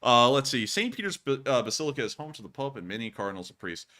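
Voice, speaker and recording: A man's voice: medium pitch, fast. A man hosting a live stream, chatting casually and mocking online reviews with sarcasm. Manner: sarcastic, animated, mocking voices when reading. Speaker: host. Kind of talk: casual chat reading reviews and super chats.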